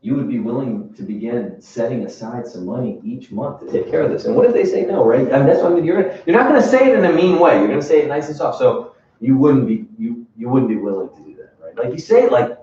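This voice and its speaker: A man's voice: medium pitch, lively intonation, fast, hardly any pauses, warm tone. Man, sales trainer, emphatic coaching, distant mic, echoey room, dull sound. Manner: emphatic, coaching, asks "right?" often. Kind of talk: training session talk.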